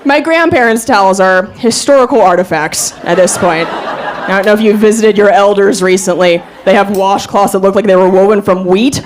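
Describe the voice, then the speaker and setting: A woman in her thirties doing a stand-up comedy set, animated and self-mocking. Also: medium pitch, moderate pace, background noise. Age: 30s. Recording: live show with crowd laughter. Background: audience laughter.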